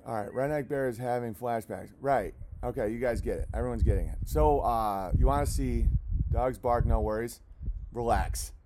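A man hosting a livestream, rambling in a casual, profane rant and now and then breaking off to yell at barking dogs. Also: medium pitch, normal speed, noisy background. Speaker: livestream host.

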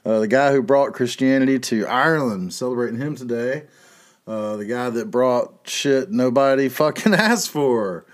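A man's voice: medium pitch, normal speed. Profane rambling man. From North Carolina, USA. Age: middle-aged. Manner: profane, rambling, laughs at his own jokes. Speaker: podcast host. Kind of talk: casual monologue.

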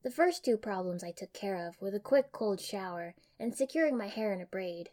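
A woman's voice: medium pitch, lively intonation, normal speed, darkish tone. Young woman reading a story aloud. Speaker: audiobook reader. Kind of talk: reading fan fiction aloud.

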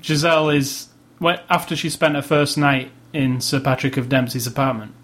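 A man co-hosting a casual movie review podcast, opinionated and halting, often repeating words as he gathers his thoughts. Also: medium pitch, flat delivery, fairly bright tone. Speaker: podcast co-host.

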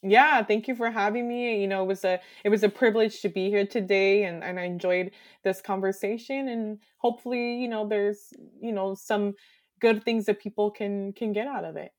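A woman's voice: medium pitch, steady tone, normal speed. A woman guest on a podcast, talking in a reflective, earnest way with lots of fillers. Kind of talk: casual conversational interview.

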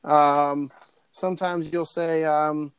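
A man's voice: on the high side, level tone, slow pace, clear, resonant tone. A man in casual chat, rambling with many likes and ums. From Pittsburgh area.

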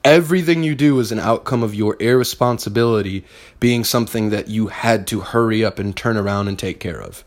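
A man's voice: fairly low pitch, fairly quick. A young man hosting a podcast, giving a blunt, profane, fired-up motivational monologue straight to his listeners. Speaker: podcast host.

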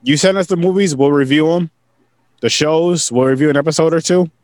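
A man co-hosting a casual movie review podcast, joking loudly. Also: a little high, fairly quick, no room sound. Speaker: podcast co-host.

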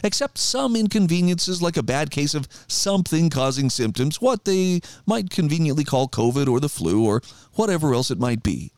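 A man's voice: a little high, sing-song, moderate pace, darkish tone, no echo, clean studio sound. A middle-aged man hosting a talk radio show, reflecting conversationally and reading articles aloud with emphasis.

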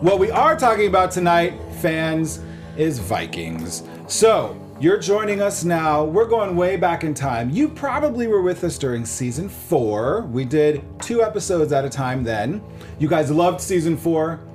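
A chatty man in his thirties hosts a fan show, his voice lively and rising and falling a lot, sitting a bit high for a man. He talks in an upbeat, jokey way, with faint music behind him. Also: a little slow. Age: 30s. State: out of breath. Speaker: host. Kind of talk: casual chat. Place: studio.

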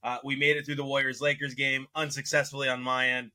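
A man hosting a casual sports podcast, teasing and excitable, gloating over rival teams. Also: medium pitch, quick pace. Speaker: podcast host.

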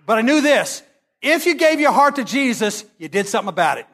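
A middle-aged man, preaching a storytelling sermon. He is animated and humorous, and swings between loud and hushed. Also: very high voice, quick pace.

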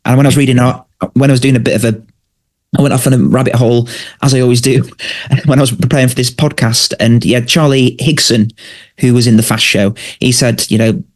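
A man with a mid-pitched, ordinary voice co-hosts a podcast. He chats casually and laughs easily. He often turns to his co-host with questions. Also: fairly even intonation, fairly quick. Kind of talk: casual chat about a sitcom.

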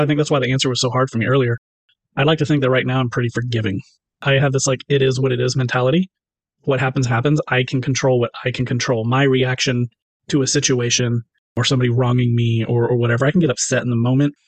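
A man's voice: mid-range voice, no echo, rough recording. A man co-hosting a podcast in casual chat, speaking in a reflective, easygoing way. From American South. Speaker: podcast co-host.

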